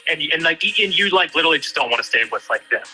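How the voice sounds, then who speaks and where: A man's voice: on the high side, expressive, very fast, bright, forceful tone, faint music behind, poor audio. A man chatting casually with a friend, retelling a talk hesitantly with lots of fillers and "he's like". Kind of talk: casual chat.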